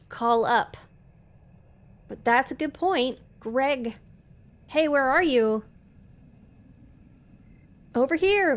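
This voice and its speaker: A woman streamer playing a game live, reading its dialogue aloud between chatty asides to her viewers at a desk mic. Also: high-pitched. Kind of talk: live let's play commentary.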